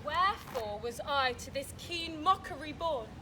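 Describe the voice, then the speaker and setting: A woman's voice: sits high, animated, a little slow, pushed and bright, slight background noise, exaggerated voice. A woman playing the lovelorn Helena in an outdoor production, delivering verse with pleading emotion. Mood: anguished. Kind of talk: outdoor stage acting of verse.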